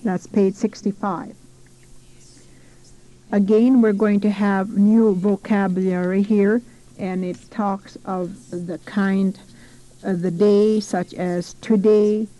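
Woman, language teacher, very slow pace, warm mellow tone, repeats each word. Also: mid-range voice, level tone, low-quality recording. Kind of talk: recorded language lesson.

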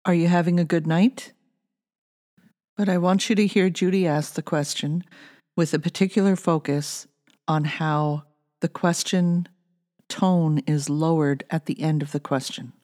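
A woman narrating a recorded language course, giving calm, clear instructions between the practice phrases. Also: low voice, a little slow. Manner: calm, clear teaching delivery.

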